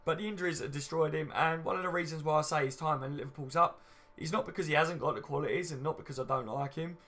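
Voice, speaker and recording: A man in his late twenties reads out viewer comments on his casual fan-channel livestream, talkative and matey, cursing freely and repeating "you know what I mean." He speaks at a quick pace in a slightly high voice with a bright, forceful tone.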